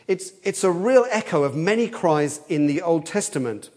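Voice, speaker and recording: With an animated, slightly mellow voice, this man preaches an expository sermon at normal speed and with few pauses. His earnest delivery includes frequent repeated words as he thinks, and he raises his pitch and intensity for quoted cries.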